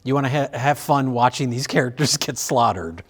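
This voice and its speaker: A man's voice: medium pitch, animated, a little fast, husky. A man hosting a film review show, chatting casually with fillers and restarts. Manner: rambling, many fillers and restarts, laughs easily.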